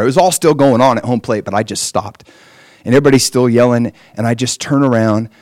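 A man's voice: medium pitch, no echo. A man preaching a personal testimony as a story, with emphatic rises in his delivery.

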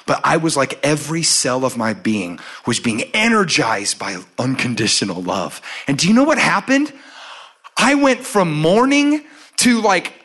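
Animated male preacher telling a story. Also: on the high side. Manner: animated storytelling, acts out his own and God's lines. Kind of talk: sermon with personal testimony.

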